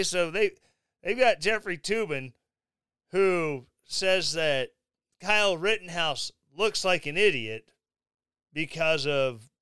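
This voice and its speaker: A man giving sarcastic, mocking commentary on the news, with animated asides. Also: a little high, clean tone, no room sound. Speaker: commentary vlogger.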